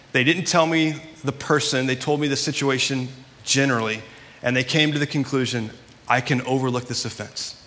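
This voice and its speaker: A pastor preaches a sermon in a church sanctuary, earnest and conversational, as a long hall reverb trails his words. His fairly high voice is bright and forceful.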